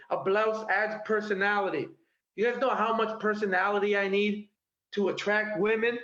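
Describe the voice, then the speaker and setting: Guy doing standup from his kitchen, high voice, keeps going "okay? all right?", echoey room. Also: moderate pace, pushed and bright. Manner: punchy delivery, tags jokes with "okay?" and "all right?". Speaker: stand-up comedian. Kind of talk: stand-up routine. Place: home kitchen. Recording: roomy, dull lo-fi home recording.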